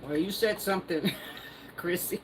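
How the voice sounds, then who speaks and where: A woman's voice: lowish voice, measured pace, noisy background. Woman, livestream host, casual comment-reading chat, teasing, laughs a lot. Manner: playful, teasing, laughs often.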